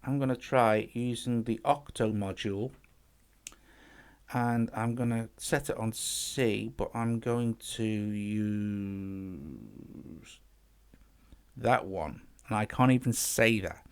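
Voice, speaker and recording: A man with a fairly low voice walks through a music app in a casual tutorial. He chats as he goes, thinking aloud and restarting half-finished phrases. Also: steady tone, slow pace, pauses often, clear, resonant tone. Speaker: app demo host.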